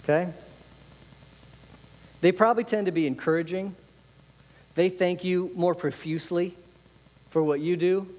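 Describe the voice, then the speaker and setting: A man's voice: high-pitched, steady tone, measured pace, pauses often, a little mellow, in a large hall, poor audio. A man preaching a conversational sermon, often repeating phrases for emphasis. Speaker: pastor.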